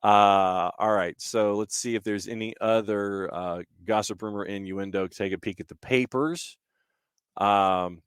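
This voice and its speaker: A man hosting a podcast, running through soccer transfer news with quick offhand asides and frequent "uh" fillers. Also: on the low side, steady tone, clear, resonant tone, no echo, studio quality. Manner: reads headlines with quick asides, many fillers. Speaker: podcast host. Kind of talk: casual sports news roundup.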